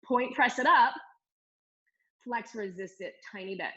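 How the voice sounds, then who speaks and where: A woman with a fairly high voice leads a live Pilates class, calling out counts and cues with upbeat energy. She sounds a little strained, as she does the moves herself. The stream audio is slightly dull and lo-fi. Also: measured pace, pushed and bright. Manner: upbeat counting and cueing while doing the moves. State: strained from exercising along. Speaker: Pilates instructor. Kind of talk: live online fitness class cueing.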